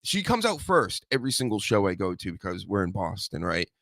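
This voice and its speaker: A man hosting a solo podcast, rambling and joking with mock threats and loud mocking outbursts. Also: low-pitched, big pitch swings, fairly quick, creaky, no echo, clean studio sound. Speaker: podcast host. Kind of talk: casual solo wrestling podcast chat.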